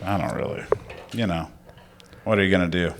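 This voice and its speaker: A man's voice: deep voice, a little fast. A man on a comedy podcast, speaking in short, subdued, reluctant replies. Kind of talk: casual chat.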